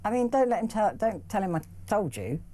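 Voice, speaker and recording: A woman presenting a radio phone-in show in a warm, chatty way. She gushes with enthusiasm and talks briskly between callers. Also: medium pitch, sing-song. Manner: chatty, effusive. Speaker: radio host.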